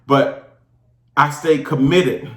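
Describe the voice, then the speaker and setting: High-voiced Southern man telling a story. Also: slow pace, reverberant. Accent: Southern US, Georgia. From Georgia, US. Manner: lively, slangy, big swings of voice when quoting people. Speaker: show host. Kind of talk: casual personal storytelling to camera.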